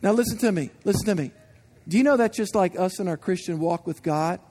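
A man in his forties preaching a sermon, telling animated personal stories and asking the congregation questions. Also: high voice, brisk. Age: 40s. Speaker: guest preacher.

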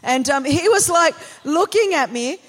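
A middle-aged woman from Australia, a pastor preaching a sermon with personal stories, animated and building to passionate, shouted declarations. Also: high voice, unhurried.

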